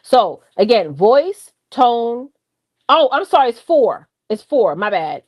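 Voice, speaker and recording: A woman co-hosting a live stream, coaching viewers in a chatty, animated way, laughing often and talking straight to the chat. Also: fairly high pitch, slow pace. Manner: drifts off track, repeats key points for emphasis. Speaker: live-stream co-host on branding and AI.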